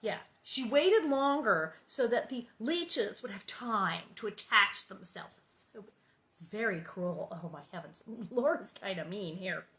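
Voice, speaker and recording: A woman's voice: mid-range voice, lively intonation, measured pace, sharp tone. A woman hosting a read-aloud of a children's book, narrating and breaking off for chatty, amused asides.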